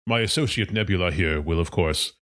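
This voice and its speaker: A man's voice: low-pitched, fairly quick, fairly bright tone. A man voicing a pompous, self-important male doctor.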